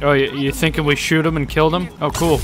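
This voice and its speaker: A man's voice: fairly high pitch, level tone, fast, background noise. A young man giving casual, sarcastic let's-play commentary, joking and swearing freely as he plays. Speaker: gaming YouTuber.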